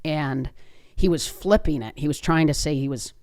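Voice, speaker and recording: Her voice is low-pitched with a darkish tone and a moderate pace: a woman in her fifties hosting a podcast. She recounts a personal story in an earnest, chatty manner, with many restarts.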